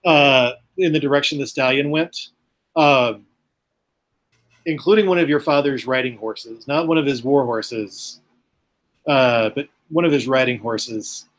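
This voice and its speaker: A man's voice: medium pitch, a little slow. A man running a tabletop game as game master, rambling with many ums and uhs.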